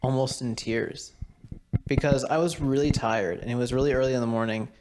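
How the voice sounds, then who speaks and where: A man's voice: mid-range voice, steady tone, fairly quick, noisy background. A young man co-hosting a podcast, chatting casually and telling rambling stories with lots of fillers and laughter. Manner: rambling storyteller, many fillers, laughs often. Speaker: podcast co-host. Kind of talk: casual chat.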